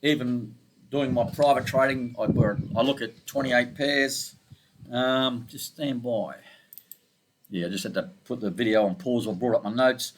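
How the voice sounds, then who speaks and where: A man's voice: mid-range voice, measured pace, a little hiss or hum. A man from Scotland with an Australian accent, walking through his trading charts in a laid-back, informal and self-deprecating way. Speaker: forex trading analyst. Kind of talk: casual screen-share market walkthrough.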